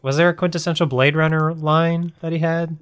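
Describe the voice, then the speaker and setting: A man's voice: fairly high pitch, steady tone, a little fast, a bit bright, clear, resonant tone. A man co-hosting a podcast brainstorm, who laughs often and leaves sentences unfinished. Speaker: podcast co-host. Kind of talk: casual brainstorming chat.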